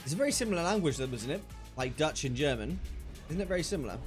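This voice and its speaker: A man chatting casually on a live stream while gaming, excitable and quick to laugh, often restarting his sentences. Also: a little high, faint music behind. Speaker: livestreamer.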